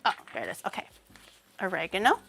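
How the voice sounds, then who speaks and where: A woman streamer chatting casually while she cooks, rambling and breaking into animated mock-outraged rants. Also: mid-range voice, fast, creaky, soft background music. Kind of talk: casual livestream chat while cooking.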